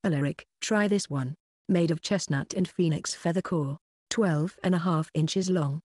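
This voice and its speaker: An audiobook narrator voicing a shriveled old male wandmaker who speaks gently and rambles on. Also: medium pitch, unhurried, husky, no echo, clean studio sound. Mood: rambling. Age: older. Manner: gentle, archaic-sounding speech. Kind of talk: audiobook character voice.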